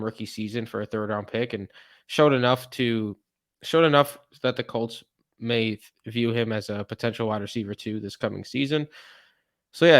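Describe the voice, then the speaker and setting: A man co-hosting a podcast, explaining his reasoning in a measured, casual way. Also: mid-range voice, a bit bright, no echo. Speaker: podcast co-host. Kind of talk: casual fantasy football analysis.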